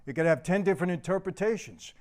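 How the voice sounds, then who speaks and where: A man's voice: sits high, expressive, fast, a little mellow. An older man, a motivational speaker giving an earnest personal testimony and talking straight to the audience. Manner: earnest storyteller, addresses the audience as people.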